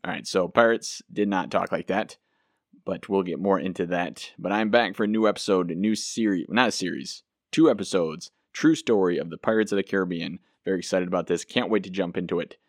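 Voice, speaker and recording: A man talking through a solo history podcast in a chatty, enthusiastic way, poking fun at himself now and then. His voice is low and the sound is dry, with no room echo. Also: fairly quick. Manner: chatty and enthusiastic, self-deprecating. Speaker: podcast host.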